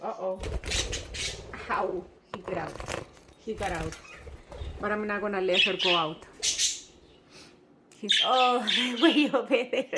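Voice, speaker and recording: A woman at home filming her pet birds, coaxing them in high sing-song baby talk. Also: takes it slowly, long pauses, very noisy. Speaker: pet bird owner filming her budgies. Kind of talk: casual vlog talking to pet birds. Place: home, indoors by bird cages. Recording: loud bird chirping behind.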